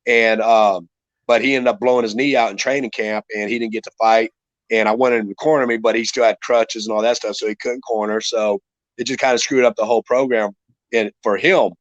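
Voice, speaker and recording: A man's voice: lowish voice, steady tone, brisk, dry recording, dull audio. A middle-aged man telling a rambling, profane fight story in casual podcast talk. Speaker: retired MMA fighter guest.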